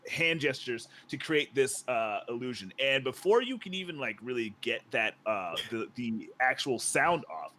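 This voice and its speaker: A man running a tabletop game as game master, describing the scene and walking players through the rules in easy, chatty talk. His voice is bright and forward, at an ordinary pitch for a man. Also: big pitch swings, normal speed, hardly any pauses, a little hiss or hum. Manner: explains rules and scenes in a loose, conversational way.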